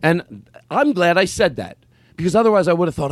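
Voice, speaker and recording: A man, a comedian and podcast host, telling a story in casual chat, animated, swearing and acting out his own lines. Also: high voice, brisk, dry recording.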